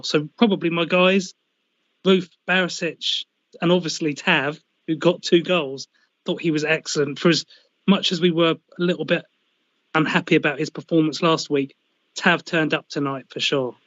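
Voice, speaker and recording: A man giving a casual, halting match analysis on a fan radio show, full of restarts and "you know". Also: fairly high pitch, fairly bright tone, no room sound. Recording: dull dry remote line.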